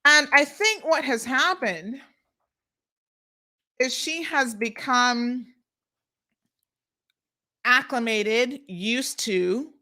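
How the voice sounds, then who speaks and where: An outspoken woman hosts unscripted live commentary, talking straight to her viewers. Her voice sits a little high and sounds bright and forceful. She is emphatic and reads viewer comments as she goes. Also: lively intonation, drawn-out words, pauses often. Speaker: host of a talk show.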